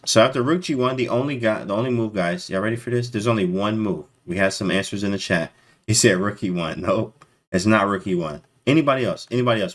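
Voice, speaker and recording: A man commentating chess live to his stream chat, excitable and disbelieving, talking in casual slang. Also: fairly low pitch.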